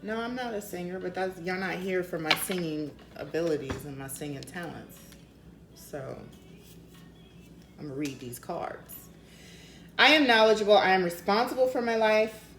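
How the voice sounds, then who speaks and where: Low-voiced swearing tarot reader woman. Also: expressive, normal speed, pauses often, echoey room, noisy background. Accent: slight Maryland. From Denver. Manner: chatty, swears freely, lots of fillers. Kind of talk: casual tarot reading.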